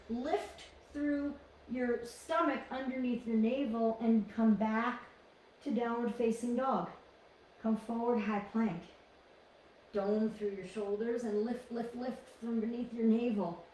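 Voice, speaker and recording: A woman leading a guided yoga class with calm, encouraging cues, often restarting her phrases. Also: on the high side, takes it slowly, a little hiss or hum. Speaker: yoga instructor. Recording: echoey room, distant from mic.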